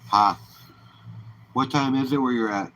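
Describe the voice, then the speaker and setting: A man's voice: mid-range voice, a little slow, fairly bright tone, highs cut off, a little hiss or hum. A man hosting a live stream, chatting casually and easygoing with viewers and greeting them by name.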